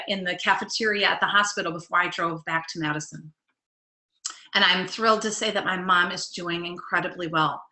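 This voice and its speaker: Middle-aged female life coach, bright and forceful tone, earnest and direct; echoey room. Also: fairly low pitch. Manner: earnest, direct, asks the audience questions. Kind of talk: motivational webinar talk.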